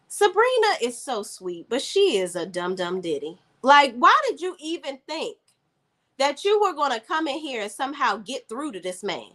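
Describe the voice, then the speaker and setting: A woman's voice: sits high, big pitch swings, moderate pace, bright, forceful tone. A woman giving a blunt, opinionated casual recap of a TV drama as a reviewer. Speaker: TV show reviewer.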